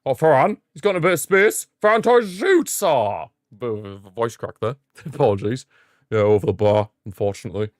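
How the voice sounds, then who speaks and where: A young man hosting a live football watchalong, giving excitable fan commentary and ranting at the referee. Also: on the low side, a little fast, no echo, studio quality. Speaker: watchalong host.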